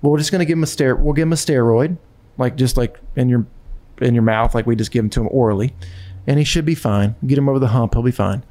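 A man in casual conversation, telling a personal story in an animated way with frequent restarts and repetitions. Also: medium pitch, quick pace.

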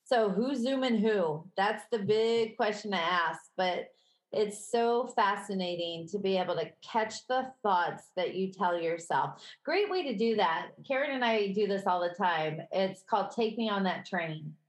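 A woman with a Midwestern accent co-hosting a casual podcast chat, candid and quick to laugh. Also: mid-range voice, expressive. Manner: chatty, laughs often, candid. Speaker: podcast co-host. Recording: echoey room.

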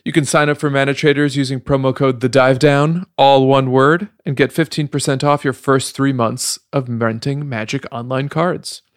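A man's voice: medium pitch, fairly even intonation, no echo. A young adult man reading a podcast's closing promos into a studio mic. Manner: reads sign-off promos briskly. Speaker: podcast co-host. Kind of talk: podcast outro and banter. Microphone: studio mic with headphones.

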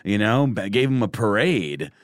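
A man's voice: lowish voice, big pitch swings, normal speed, dry recording, studio quality. A man co-hosting a podcast, telling history stories in a casual, jokey way and laughing along. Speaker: podcast co-host.

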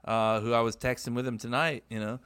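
A man's voice: mid-range voice, level tone, a little fast, a bit bright, clear, resonant tone, no echo. Joking man telling a crude story, dry sound. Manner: crude jokes, storytelling, quoting friends. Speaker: podcast co-host. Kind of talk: casual chat.

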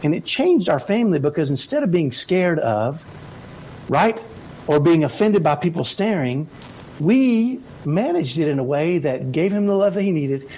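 A man giving parenting advice in an energetic motivational talk, often checking in with "right?". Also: on the high side, moderate pace, slight background noise, rough recording. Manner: energetic, keeps asking "right?".

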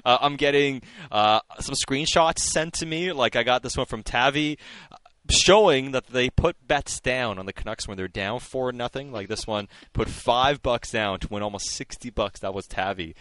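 A man's voice: mid-range voice, normal speed, fairly bright tone, dry recording. A male sports radio host talks in a middle register, loose and chatty, often laughing and stumbling into restarts. The studio sound is dry and close. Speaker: radio postgame show host. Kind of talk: casual sports radio chat.

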